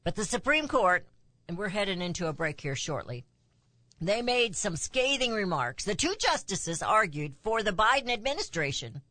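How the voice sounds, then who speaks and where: A woman's voice: sing-song, moderate pace, sharp tone, soft background music. A woman hosting a political talk radio show, delivering an emphatic monologue whose voice climbs on the points she stresses. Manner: emphatic, rising pitch on key points, with asides.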